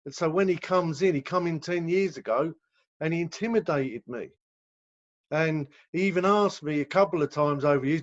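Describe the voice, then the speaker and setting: A man's voice: on the high side, lively intonation, moderate pace. A man who runs a rehab center, explaining recovery in a casual talk over a video call and acting out the people in his examples. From England. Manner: conversational, acts out quoted voices. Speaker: rehab director. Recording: dull lo-fi video call audio.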